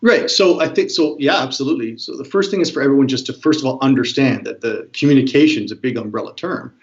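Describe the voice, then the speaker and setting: Man, quick talker, body language expert, guest explaining, muffled lo-fi sound. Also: mid-range voice. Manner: fast, animated, demonstrates tones of voice. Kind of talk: explanatory interview talk.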